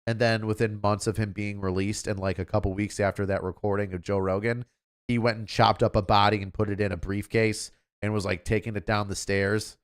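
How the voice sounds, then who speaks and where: A man's voice: on the low side, little pitch movement, a little fast, smooth. A man hosting a livestream, chatting casually in a rambling, offhand way. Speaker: livestream host.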